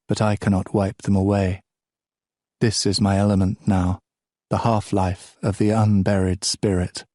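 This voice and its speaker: A man narrating an audiobook of a novel in a slow, measured, grave reading. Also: lowish voice, darkish tone, no echo, clean studio sound.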